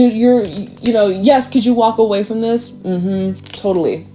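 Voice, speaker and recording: A woman giving a casual, chatty tarot reading, animated and talkative, now and then jumping into a high acting voice. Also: unhurried, hardly any pauses, soft background music. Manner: chatty, animated, slips into squealy acted quotes. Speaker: tarot reader.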